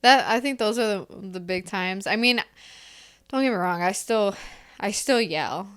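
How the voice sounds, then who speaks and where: A woman's voice: medium pitch, measured pace, a bit bright, clear, resonant tone. A woman in her thirties co-hosting a podcast, chatting casually and laughing often as she tells family stories. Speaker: podcast co-host. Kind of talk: casual chat.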